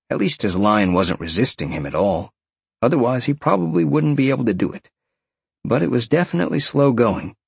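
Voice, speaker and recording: A man narrating an audiobook in a lively storytelling way. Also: on the low side, breathy edge, no room sound.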